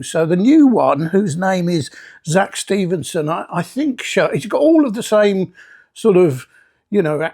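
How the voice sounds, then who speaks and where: A man's voice: a little high, gravelly, a little mellow. An older man hosting a casual vinyl album review vlog, talking in a rambling way with many restarts.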